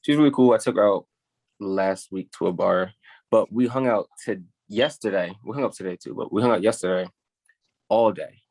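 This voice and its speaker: A man's voice: fairly low pitch, moderate pace, darkish tone, no room sound. A young man hosting a podcast, telling a long story in a rambling, casual way, full of likes and restarts. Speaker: podcast host. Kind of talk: casual chat.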